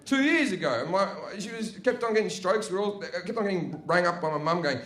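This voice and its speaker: A man's voice: sits high, animated, fairly quick, hardly any pauses, fairly bright tone. A man with an Australian accent doing a brash, profane stand-up comedy set, chatty and full of tag questions, live on stage at a comedy venue. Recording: echoey noisy live room.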